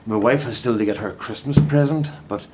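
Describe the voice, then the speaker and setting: Heavy background noise surrounds a medium-pitched, fairly quick voice: an older gardening vlogger working outdoors in a vegetable plot. He chats to camera in a chummy, meandering ramble, full of restarts and asides.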